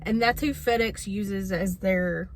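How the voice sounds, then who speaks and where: A woman's voice: medium pitch, measured pace, slight background noise. A woman telling a story to her viewers in a chatty, exasperated way. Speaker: vlogger. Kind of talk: casual storytelling to camera.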